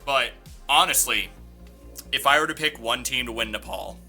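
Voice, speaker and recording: A man's voice: medium pitch, moderate pace, gravelly, pushed and bright, faint music behind. A man casting an esports match and hosting the stream, talking casually and bluntly and swearing freely. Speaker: esports caster and stream host. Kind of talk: live esports casting banter.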